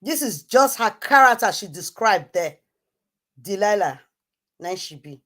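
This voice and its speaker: A woman's voice: mid-range voice, lively intonation, unhurried, a bit bright. A woman hosting an online show, scolding someone in a heated, repetitive rant. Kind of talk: heated live-stream rant.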